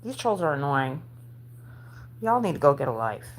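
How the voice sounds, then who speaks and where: A woman's voice: deep voice, big pitch swings, moderate pace. A woman host chatting casually on a livestream while she plays with her dog, laughing and cooing baby talk into a phone on a stand.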